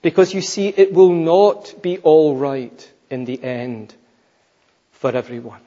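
A man delivering an expository sermon in a measured, emphatic way, his phrases falling quiet at their close. His voice sits somewhat high and he speaks very slowly. The sound is dull and lo-fi, with a long reverb trailing through a large hall. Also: flat delivery. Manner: slow, emphatic preaching, dropping soft at phrase ends. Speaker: preacher.

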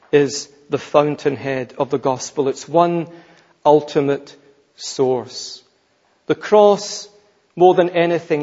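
A man preaching an expository sermon, slow and emphatic, his voice trailing softly at the ends of phrases. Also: on the high side. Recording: dull lo-fi sound with long hall reverb.

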